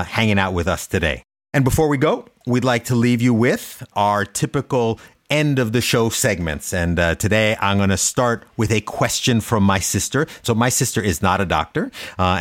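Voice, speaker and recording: A man co-hosting a medical podcast, explaining things in a relaxed, friendly way. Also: on the low side, dry recording, studio quality. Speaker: podcast co-host, doctor. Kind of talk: casual podcast chat.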